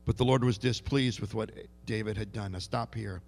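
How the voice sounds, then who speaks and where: Male preacher, conversational sermon, gravelly fry, long hall echo. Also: lowish voice, fairly even intonation, moderate pace, a little mellow. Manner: conversational, repeats words and restarts often. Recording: long reverb of a large hall.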